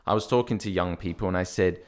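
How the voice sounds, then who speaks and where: A man with an Australian accent, co-hosting a podcast in casual, animated chat and laughing often. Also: deep voice, fast talker. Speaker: podcast co-host, software company founder.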